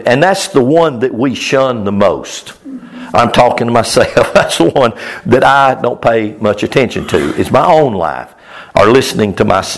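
A man preaching a sermon in a loose, conversational way, repeating his phrases, chuckling now and then and talking straight to the congregation. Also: mid-range voice. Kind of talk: conversational Bible-teaching sermon.

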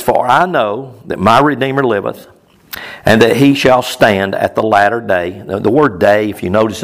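Conversational man preaching a Bible teaching. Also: lowish voice. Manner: informal, repeats phrases, chuckles, addresses the congregation directly.

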